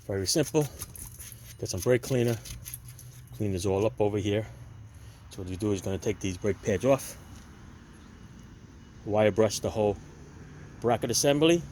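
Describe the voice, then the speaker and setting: Chatty low-voiced man explaining car repair. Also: normal speed, pauses often, a little mellow, slight background noise. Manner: chatty, addresses viewers as "people"; blunt, opinionated advice. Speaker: DIY car repair channel host. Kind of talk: casual how-to walkthrough.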